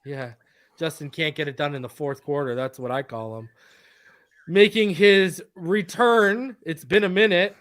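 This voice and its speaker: Hyped high-voiced man hosting. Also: a bit bright. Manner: hyped, fast-talking, crowing. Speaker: host of a live post-game stream. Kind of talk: live sports fan show chat.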